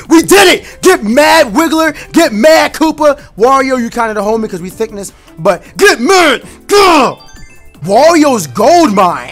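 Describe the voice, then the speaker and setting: A young man with a high, lively voice narrates his racing game in an excitable, chatty stream of commentary. He jumps between rambling asides, loud outbursts and improvised rap lines. Game music plays clearly in the background. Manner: animated, bursts into shouts and freestyle rapping, fast rambling asides. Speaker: gaming YouTuber.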